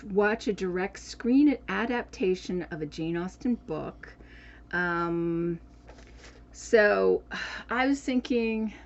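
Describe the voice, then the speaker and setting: Slow, chatty woman vlogger, dull audio. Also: mid-range voice. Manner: chatty, rambling with many fillers and restarts. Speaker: book and journaling vlogger. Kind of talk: casual chat.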